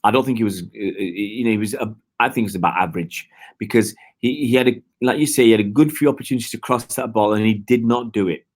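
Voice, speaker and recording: A man's voice: lowish voice, fast. A middle-aged man from Oldham, hosting a live football fan stream, rambling and reading out viewer comments. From Oldham, England. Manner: rambling, reads out viewer comments, many restarts. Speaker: fan channel host. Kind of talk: live stream chat with fans.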